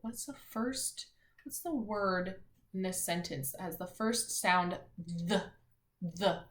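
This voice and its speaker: A woman teacher giving a phonics and spelling lesson to young children, talking clearly and encouragingly. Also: fairly low pitch, takes it slowly. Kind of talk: early-grades phonics lesson. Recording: echoey room.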